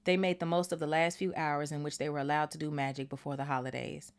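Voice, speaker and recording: A woman hosting a book club podcast, reading a novel aloud with animated, swearing asides. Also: low voice, fast talker, smooth. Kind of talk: casual read-aloud with commentary.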